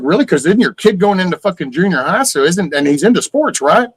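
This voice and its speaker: A man's voice: sits high, expressive, brisk, slightly rough, no echo, poor audio. Profane older man ranting. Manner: rambling, profane, exasperated rhetorical questions. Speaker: livestream host. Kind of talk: casual ranting chat.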